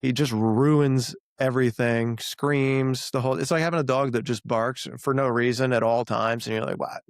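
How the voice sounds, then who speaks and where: A man's voice: mid-range voice, normal speed, hardly any pauses, clear, resonant tone, no echo, studio quality. A man in his thirties hosting a podcast, telling stories with playful exaggeration in casual chat. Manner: animated storyteller, playful exaggeration. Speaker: podcast host.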